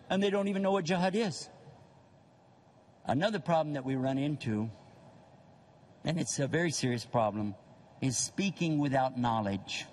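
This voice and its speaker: Older male preacher, high voice, animated sermon, mimics people for laughs. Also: moderate pace, husky, in a large hall. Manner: animated, acts out voices of others for humor. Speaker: Islamic preacher. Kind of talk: lively religious lecture.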